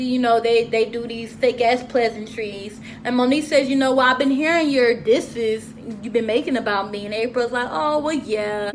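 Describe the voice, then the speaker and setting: High-voiced, profane woman reviewing TV. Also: a little hiss or hum. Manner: profane, animated, sassy commentary. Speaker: TV show reviewer. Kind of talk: casual solo review vlog.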